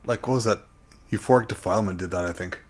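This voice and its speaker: Low-voiced easygoing man, hesitant. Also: fast talker. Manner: easygoing, hesitant, self-deprecating. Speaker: podcast co-host. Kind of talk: casual chat.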